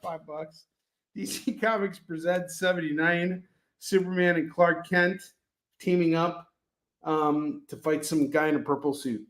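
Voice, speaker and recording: Jokey man pitching comics, echoey room. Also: steady tone, unhurried. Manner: jokey, rambling, upbeat sales patter. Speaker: host selling comics. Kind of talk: live shopping stream.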